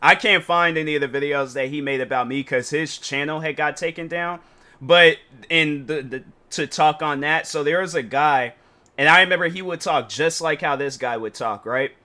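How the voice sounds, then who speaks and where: A man's voice: fairly high pitch, normal speed, sharp tone. A man giving casual reaction commentary as a YouTuber, exasperated and rambling, with slang and many restarts.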